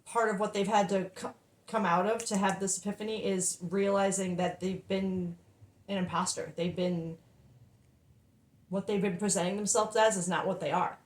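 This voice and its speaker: A woman's voice: mid-range voice, steady tone, normal speed, reverberant. A woman giving a tarot reading, breathless and stumbling over her words, swearing and apologizing. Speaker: tarot reader.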